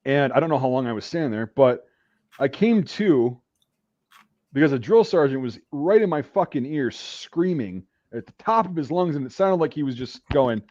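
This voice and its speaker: A man's voice: medium pitch, lively intonation, moderate pace, darkish tone, no echo. Profane rambling storyteller man. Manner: profane, rambling anecdote telling. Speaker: podcast host. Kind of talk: casual storytelling. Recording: dull dry recording.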